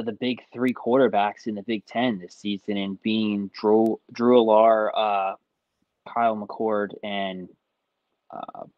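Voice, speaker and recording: A man's voice: lowish voice, no room sound, highs cut off. A man co-hosting a sports podcast, giving casual analysis in a hesitant way, leaning on "I mean" and "I think". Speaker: podcast co-host.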